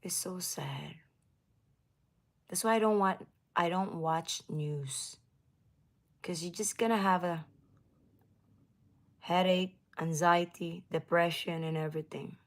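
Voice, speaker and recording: A woman hosts a relaxed livestream, chatting with viewers in an unhurried, slightly low voice. She laughs often and now and then drops into a soft whisper. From United States. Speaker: livestream host. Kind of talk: casual livestream chat with viewers.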